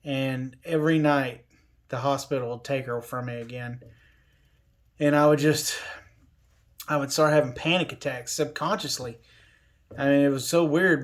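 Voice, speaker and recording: A man telling a personal story in a casual, unhurried way, with plenty of fillers and restarts. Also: on the high side. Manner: unhurried, lots of fillers and restarts, quoting others. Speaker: covid survivor telling his story.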